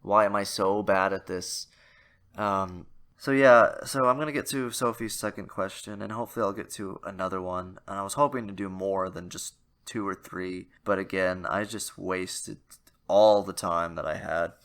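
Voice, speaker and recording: Speaking at a moderate pace, the podcast host has a low-pitched, somewhat nasal, slightly bright voice with fairly even intonation. Alone on his casual show, he rambles and is self-deprecating, full of fillers and restarts.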